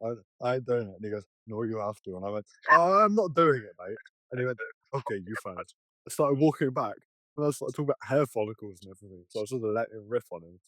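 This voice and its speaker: A man's voice: on the low side, rapid-fire, no echo. A young man co-hosting a podcast, telling stories in casual chat, swearing a lot and acting out what people said. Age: young adult. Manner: swears a lot, acts out quotes. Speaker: podcast co-host.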